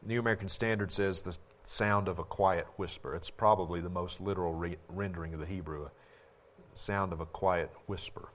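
A man's voice: low-pitched, steady tone, a little fast. Insistent man teaching Scripture. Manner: forceful, insistent, repeats points for emphasis. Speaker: Bible teacher. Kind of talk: critical sermon-style commentary.

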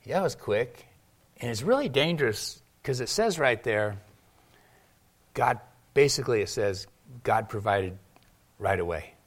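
A male pastor in the middle of a sermon, retelling scripture as a vivid, animated story. He swings from hushed asides to emphatic, ringing points. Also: mid-range voice, unhurried, long pauses.

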